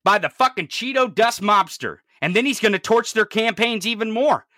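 A commentator delivering an angry, profanity-heavy political rant, swinging from low growls to shouts. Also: normal speed, no echo, clean studio sound.

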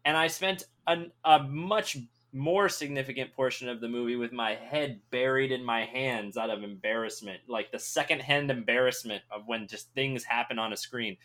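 A man's voice: medium pitch, moderate pace, few pauses, pushed and bright. A man co-hosting a casual movie review podcast, exasperated and mocking, often laughing. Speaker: podcast co-host.

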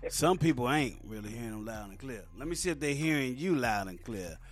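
A man co-hosting a casual call-in radio show, ranting with loud bursts and swearing freely. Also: mid-range voice, a little fast. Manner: animated ranting, swings between loud and soft. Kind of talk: casual profane radio banter.

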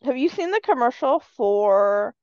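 A woman co-hosting a podcast in casual chat, quick to shoot down slang she dislikes. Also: a little high, expressive, darkish tone, clean tone, no echo, highs cut off. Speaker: podcast co-host.

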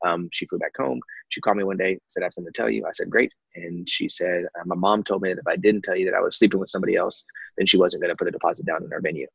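A man's voice: deep voice, fairly even intonation, rapid-fire, vocal fry, a bit bright, slightly rough, no room sound, dull audio. A man, candidly telling his life story as a guest, rambling with lots of fillers. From Texas. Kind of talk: personal story in conversation.

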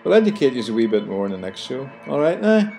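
A man's voice: mid-range voice, sing-song, fast talker, gravelly, mellow, soft background music. A man with a Belfast accent hosting a radio show, chatty and playful, mimicking local phrases. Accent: Belfast, Northern Ireland. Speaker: radio host.

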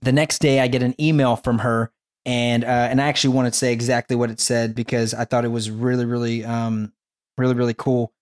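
A young man telling a personal faith story in casual chat, animated and rambling with many restarts. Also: mid-range voice, fairly quick.

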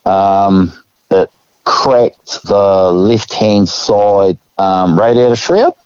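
A man with an Australian accent telling a story in a relaxed, casual way, acting out what people said, with the odd chuckle. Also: fairly low pitch, very slow, clear, resonant tone, no room sound, dull audio. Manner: laid-back yarn-spinner, acts out quotes with chuckles. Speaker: guest.

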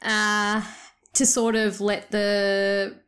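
A woman's voice: medium pitch, very slow. A woman chatting casually and recounting a dream, laughing often and acting out what people said. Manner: giggly, animated storyteller who acts out quotes. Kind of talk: casual chat, telling a dream.

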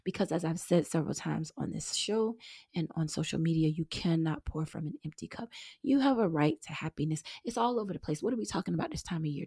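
Husky earnest woman host. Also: sits low, quick pace, dark tone, no echo, clean studio sound. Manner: earnest, speaks to listeners as y'all. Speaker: podcast host. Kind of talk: heartfelt casual monologue.

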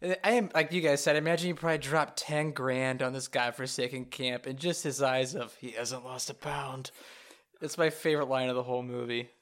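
A man's voice: mid-range voice, fairly even intonation, quick pace, few pauses, a bit bright, clear, resonant tone. A man co-hosting a casual movie podcast, speaking with enthusiasm and laughing as he goes. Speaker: podcast co-host.

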